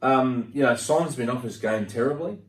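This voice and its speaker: A man's voice: mid-range voice, moderate pace, far from the mic. A man chatting casually about football as a podcast guest, rambling with lots of fillers. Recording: roomy sound from off-mic.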